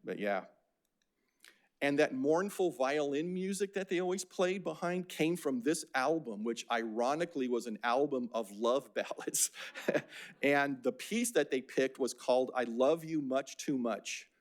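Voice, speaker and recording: A man's voice: mid-range voice, expressive, a little slow. An older man from Phoenix giving a casual, anecdotal lecture about slides, with many fillers and restarts. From Phoenix, Arizona.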